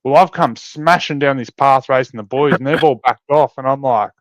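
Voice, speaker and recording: An Australian man tells rowdy stories in casual chat, swearing freely as he goes. His recording is dry, with no room sound at all, and a little dull and muffled at the top. His voice sits at an ordinary middle pitch. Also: normal speed, no room sound. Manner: swearing-heavy, animated storytelling. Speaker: podcast co-host.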